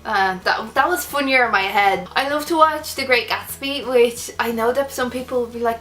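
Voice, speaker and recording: A woman's voice: a little high, normal speed, few pauses, sharp tone. A young adult Irish woman chatting casually to camera about books, enthusiastic and full of fillers. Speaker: book vlogger.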